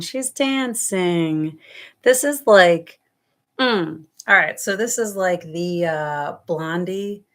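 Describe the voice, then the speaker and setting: Woman, New York accent, low-ish voice, chatty tarot reader on a livestream, affectionate and meandering. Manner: affectionate, rambling, calls viewers loves and darling. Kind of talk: casual live-stream reading. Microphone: webcam or phone on a livestream.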